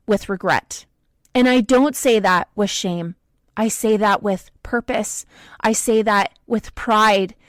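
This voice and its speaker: A woman hosting a podcast, giving an emphatic motivational talk to the listener with slow, deliberate stresses. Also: fairly high pitch, no room sound. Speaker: podcast host.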